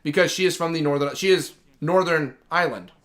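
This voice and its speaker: Fairly bright and on the high side, this man's voice moves a little fast as he hosts a gaming livestream. His talk is casual, enthusiastic and rambling, heavy on the word "like."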